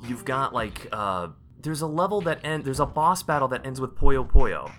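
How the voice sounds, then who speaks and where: A man co-hosting a podcast in casual chat, excitable and rambling, restarting his sentences often. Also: medium pitch, moderate pace, a little hiss or hum. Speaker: podcast co-host.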